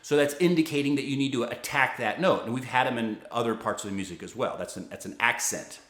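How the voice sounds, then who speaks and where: A man teaching violin, patiently explaining fingerings and bowing and counting beats out loud. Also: mid-range voice, fast talker, very noisy. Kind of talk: instructional explanation. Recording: echoey room with loud violin playing.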